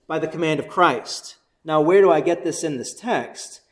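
Excited man preaching in echoey church. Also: on the high side, normal speed. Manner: energetic, conversational, keeps asking "right?"; excited, bouncing while preaching. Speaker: pastor. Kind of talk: sermon.

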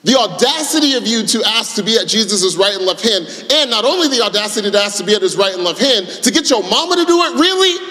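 A man's voice: high-pitched, lively intonation, fast, hardly any pauses, pushed and bright, big-room sound. A man voicing an indignant young male disciple, speaking in an incredulous, mocking tone.

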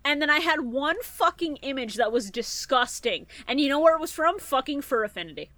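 A woman chatting on a comedy podcast in a high, bright voice that leaps all over the place. She swears constantly and sounds fed up with her co-hosts. She bursts into loud, laughing outbursts. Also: lively intonation, fairly quick. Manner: profane, exasperated, swings into loud laughing outbursts. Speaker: podcast co-host. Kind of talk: casual comedic chat.

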